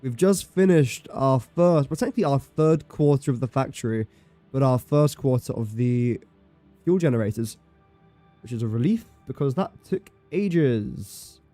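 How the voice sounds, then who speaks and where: Mellow-voiced man thinking aloud while gaming. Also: mid-range voice, animated, moderate pace, dry recording, soft background music. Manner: thinks aloud, counts and does sums under his breath, self-mocking. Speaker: game streamer. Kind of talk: casual live-stream commentary.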